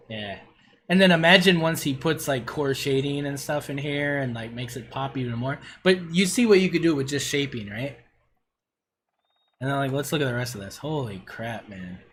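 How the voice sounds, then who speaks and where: A man's voice: medium pitch, fairly bright tone, slight background noise. A middle-aged man on a casual livestream, gushing and swearing as he reviews player builds.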